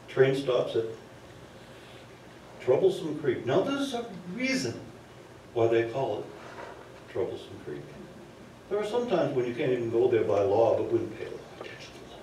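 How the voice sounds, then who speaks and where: A man's voice: mid-range voice, dark tone, slight background noise. A man telling a story live on a theater stage, chatting with the audience through asides. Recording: echoey theater from far off.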